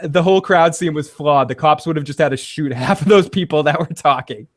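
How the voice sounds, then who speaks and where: Animated man recapping a show. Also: fairly high pitch, a little fast, no echo, studio quality. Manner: animated retelling, acts out quotes. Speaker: podcast host. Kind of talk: casual recap chat.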